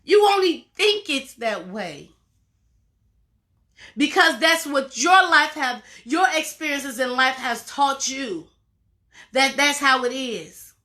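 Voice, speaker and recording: A woman's voice: high-pitched, expressive, slow, sharp tone. A woman life coach giving a motivational talk to viewers, emphatic and informal, repeating her phrases and calling listeners y'all and baby.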